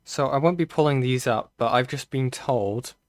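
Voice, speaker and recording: Through a close desk mic, dry and free of room sound, a man's middle-pitched voice carries his casual live-stream commentary. He reads through things on screen for his chat, thinking aloud in a halting way, with restarts and a steady stream of "okay".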